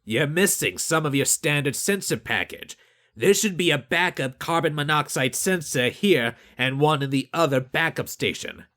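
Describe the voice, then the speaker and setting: A man's voice: fairly high pitch, animated, normal speed, fairly bright tone, pitched above the performer's own voice. A man voicing an officious, rule-bound middle-aged ship inspector.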